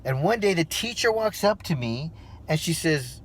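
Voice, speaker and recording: A man with a slightly higher-than-average voice shares a personal story straight to camera. He speaks earnestly and from the heart, pausing now and then with an um. His delivery has the steady pull of a motivational speaker and author.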